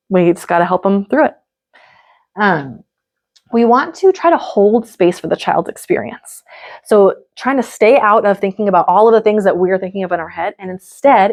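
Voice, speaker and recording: A woman's voice: medium pitch, a little mellow. A woman in her thirties, a parenting coach, giving a casual, chatty workshop talk full of "like" and "right?" asides.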